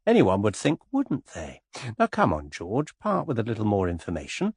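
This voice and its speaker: A man reading an audiobook, voicing a witty young English society woman in an airy, teasing, quietly amused manner. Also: fairly low pitch, huge pitch swings, moderate pace, husky, no room sound, clean studio sound, exaggerated voice.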